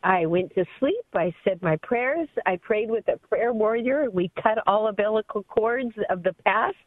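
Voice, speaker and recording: A woman's voice: medium pitch, expressive, normal speed, dry recording. Earnest woman in her fifties on a phone line. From Southern California. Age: 50s. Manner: earnest, emotional storytelling. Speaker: caller. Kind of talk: call-in radio testimony.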